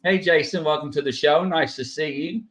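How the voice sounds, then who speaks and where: A man's voice: fairly high pitch, moderate pace, fairly bright tone. A man hosting a casual live stream, chatty and full of "uh" fillers, greeting viewers by name. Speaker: host.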